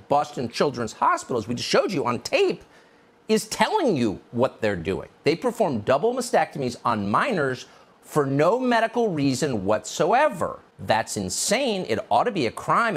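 A man delivering a sarcastic, indignant opinion monologue as a political commentator, from the United States. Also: on the high side.

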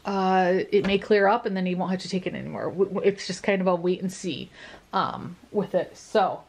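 A woman's voice: fairly low pitch, moderate pace, a little mellow. A woman vlogging a casual update, emotional and relieved, tearing up and talking with many fillers.

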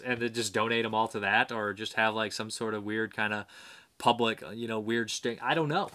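A man's voice: medium pitch, fairly quick, sharp tone. A man hosting a movie review vlog, talking casually and rambling, with plenty of fillers as he reads out viewer answers. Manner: rambling, hesitant, many fillers.

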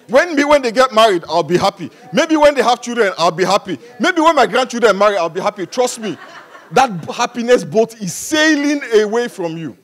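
High-voiced pastor preaching a sermon. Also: male voice, brisk. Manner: animated and humorous, swings between quiet and loud. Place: church service.

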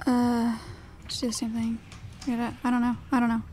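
A young woman streams a shooter game, giving live commentary as she chats anxiously to her viewers and repeats herself while playing. Her fairly high voice is monotone, a little fast and dark in tone, with a little hiss or hum in the recording.

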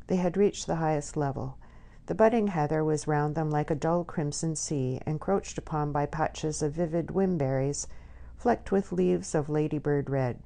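A woman reading a novel aloud in measured, scripted narration. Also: deep voice, vocal fry, mellow. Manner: measured storytelling. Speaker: audiobook narrator.

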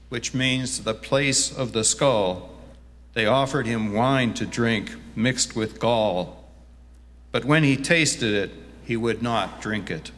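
Slow-speaking pastor in a reverberant church. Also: male voice, medium pitch. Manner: slow, deliberate reading that turns animated in the sermon. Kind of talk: scripture reading and sermon. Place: church sanctuary. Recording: long reverb from a church hall.

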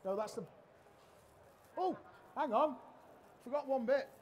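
High-voiced cheeky chef. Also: male voice, a little slow, lo-fi sound, slight background noise. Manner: cheeky, loud-mouthed joker. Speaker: chef giving a cooking demonstration. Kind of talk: live cooking demo with banter. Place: demo stage at a trade show.

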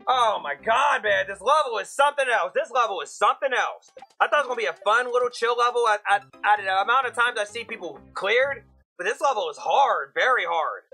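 A young man commentating his platform gameplay, ranting and yelling at the game as he fails levels. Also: extremely high pitch, lively intonation, fairly quick, faint music behind. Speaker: streamer playing a platform game.

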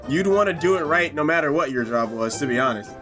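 A man giving casual gameplay commentary as a video host, profane, joking and excitable. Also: a little high, fast, over music.

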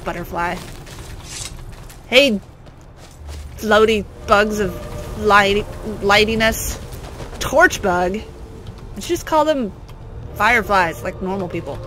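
Bright excitable woman gamer. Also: medium pitch, moderate pace, soft background music. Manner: excitable, silly, prone to sudden yelling. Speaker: let's play host. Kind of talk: casual gameplay commentary.

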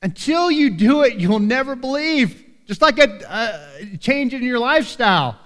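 High-voiced man preaching in a reverberant church. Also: sing-song, measured pace, fairly bright tone. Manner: earnest, conversational preaching with frequent "right?". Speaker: pastor. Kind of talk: sermon. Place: church sanctuary.

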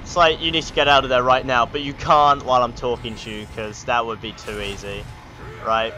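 A man's voice: mid-range voice, level tone, brisk, sharp tone. A man hosting a gaming channel, giving joking, sarcastic let's play commentary. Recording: game sound noise behind the voice.

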